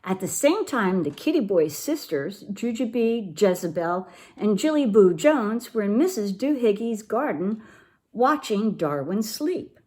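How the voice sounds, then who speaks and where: A woman reading a picture book aloud to children in an expressive, animated way. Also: medium pitch, measured pace. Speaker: storybook reader for children.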